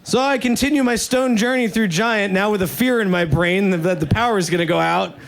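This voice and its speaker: A man's voice: sits high, a little fast, creaky. A man from New York telling a rambling, profane, self-mocking story as a stand-up comedian. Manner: casual, profane and self-mocking, with many "like" fillers.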